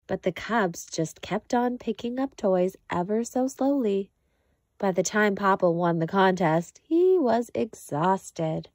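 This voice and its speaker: A woman's voice: mid-range voice, dry recording, clean studio sound. A woman reading a children's picture book aloud as narrator. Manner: slow, lively storytelling. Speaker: storytime reader.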